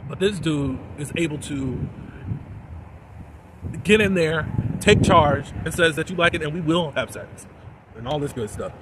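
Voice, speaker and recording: A man casually recapping a TV episode in a chatty, chuckling way, softening the swear words as he goes. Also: on the high side, measured pace, pauses often, noisy background. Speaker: TV episode reviewer.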